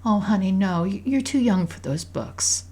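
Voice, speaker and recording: A woman voicing a gentle, loving mother in a game story, speaking softly and reassuringly. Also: mid-range voice, lively intonation, moderate pace, voice pushed up, natural voice. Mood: tender.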